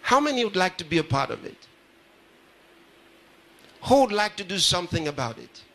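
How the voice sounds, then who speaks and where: A man's voice: sits high, sing-song, normal speed, a bit bright. A pastor addressing a live audience at a ceremony, repeating his phrases and putting questions straight to the crowd. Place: large ceremony hall.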